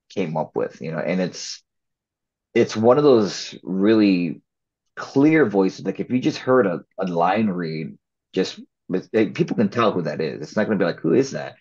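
A man speaks in a low, husky voice, chatting casually as an interview guest. He rambles loosely and restarts his sentences often. The audio is slightly dull and lo-fi. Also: measured pace. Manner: relaxed, rambling, many fillers and restarts. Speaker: actor and filmmaker guest.

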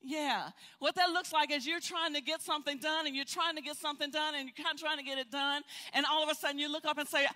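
Older lady bible teacher, lively storytelling, keeps repeating herself, long hall echo. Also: high-pitched, fast, few pauses. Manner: animated, storytelling with frequent repeats. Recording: hall reverb.

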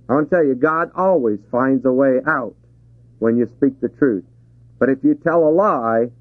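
A pastor with a mid-range voice preaches a sermon to his congregation, posing rhetorical questions and chuckling between points. There's no room sound, and the audio has the tinny, phone-like quality of 1970s tape.

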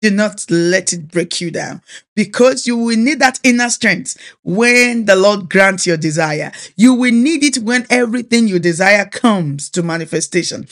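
A woman's voice: medium pitch, normal speed. Earnest Nigerian woman preaching a sermon. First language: Yoruba. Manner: earnest, exhorting, repeats key phrases. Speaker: minister.

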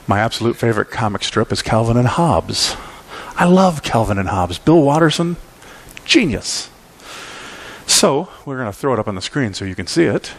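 A man's voice: medium pitch, sing-song, normal speed, breathy edge. A male pastor preaching a sermon, telling a story with emphatic repeats.

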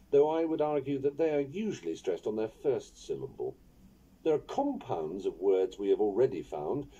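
A man narrates his own guide to poetry with a wry, playful touch, his voice very dark and mellow. His pitch rises and falls in lively swoops as he savours each word. The audiobook recording sounds dull and lo-fi. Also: breathy edge. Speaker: author reading his own book on poetry. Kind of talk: audiobook narration of an instructional book.

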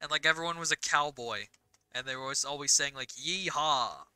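Bright, crisp young woman ranting. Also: deep voice, no room sound, low-quality recording. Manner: rapid, rambling, exasperated ranting. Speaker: gaming channel host. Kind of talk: casual gameplay chat.

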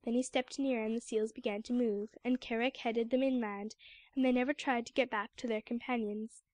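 A woman reading a classic storybook aloud as an audiobook narrator, measured and even. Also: a little high, no echo. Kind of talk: scripted narration.

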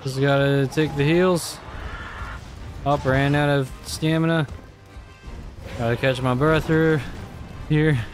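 This is a young man with a slightly raised voice, talking through a video game run as he plays. He swears freely and grumbles to himself, half to the audience and half to the game. Soft game music sits behind him. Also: on the high side, steady tone, slow, pauses often. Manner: exasperated, swears a lot, talks to himself. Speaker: gamer. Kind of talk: live gameplay commentary.

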